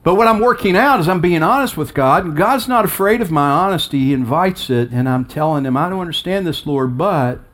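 A man in his sixties preaching a sermon, earnest and personal. His voice sits a little higher than most men's, and it lifts sharply with emphasis when he drives a verse home. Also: expressive, a little fast, hardly any pauses, a bit bright. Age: 60s. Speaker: pastor.

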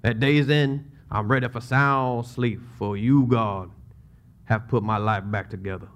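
A preacher puts on a Cajun accent to read a psalm aloud, stretching the words slowly. The man's voice sits at a mid pitch. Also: fairly even intonation, natural voice. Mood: earnest. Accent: Cajun, put on. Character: man reading scripture in a put-on Cajun accent.

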